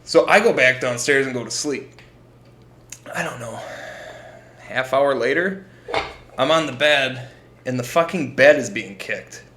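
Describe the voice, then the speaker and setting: A man's voice: mid-range voice, a little slow, long pauses, fairly bright tone, echoey room, a little hiss or hum. A young man co-hosting a podcast, telling a story in a casual, profane way and acting out the quotes. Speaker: podcast co-host.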